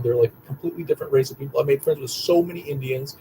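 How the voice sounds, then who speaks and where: A young man telling stories in a rambling, excitable monologue, repeating himself and swearing often. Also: medium pitch, rapid-fire, a little hiss or hum, poor audio. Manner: excitable, profane, repetitive storytelling. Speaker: vlogger.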